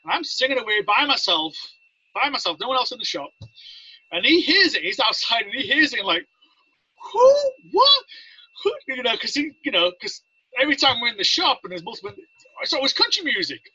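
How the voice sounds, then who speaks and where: Man, English accent, podcast guest, high and very bright voice, rambling anecdotes, dull dry recording. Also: big pitch swings, fast, slightly rough, dry recording. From England. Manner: rambling, anecdotal, acts out quotes. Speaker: podcast guest, Navy veteran. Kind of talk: casual storytelling.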